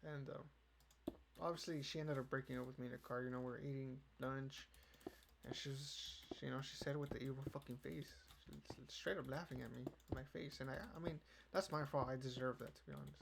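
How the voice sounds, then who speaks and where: Gravelly young man rambling casually. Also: medium pitch, steady tone, a little fast. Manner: rambling, profane, fills with "you know". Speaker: podcast host. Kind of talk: casual chat. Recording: keyboard clicks and noise behind.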